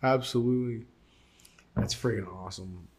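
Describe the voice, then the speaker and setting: A man's voice: on the low side, normal speed, darkish tone, breathy edge. A young man co-hosting a casual podcast, trading teasing jokes and banter. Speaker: podcast co-host.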